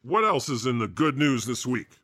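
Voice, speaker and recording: A man's voice: medium pitch, normal speed, lightly acted. A man playing God as a sarcastic podcast host. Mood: playful. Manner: sarcastic, animated, laughs often. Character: God, a jokey male deity podcast host. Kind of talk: improvised comedy podcast banter.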